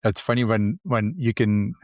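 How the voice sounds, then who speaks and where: Low-voiced man, hesitant podcast talk. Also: normal speed, darkish tone, no room sound, clean studio sound. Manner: hesitant, many fillers and restarts. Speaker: podcast co-host. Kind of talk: casual chat.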